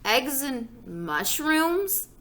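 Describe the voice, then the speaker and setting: A woman's voice: high-pitched, sing-song, drawn-out words, fairly bright tone, voice pushed up, full character voice. A woman playing a doubtful young boy.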